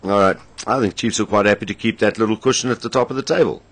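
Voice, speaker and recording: A man hosting a radio show, relaxed and joking, laughing often with his guest. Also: on the low side, fast, no room sound. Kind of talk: casual chat.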